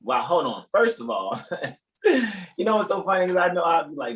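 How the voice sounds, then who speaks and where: A man hosting a live reading, talking off the cuff in a rambling, animated way and laughing often. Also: high voice, moderate pace. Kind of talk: casual improvised commentary. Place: room in a shop. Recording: echoey room.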